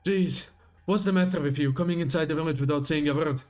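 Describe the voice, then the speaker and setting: A man voicing a nervous, defensive village farmer who talks high-pitched, agitated and blustering, read aloud from a game story on a livestream. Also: fast, a little mellow, faint music behind, close to an everyday voice.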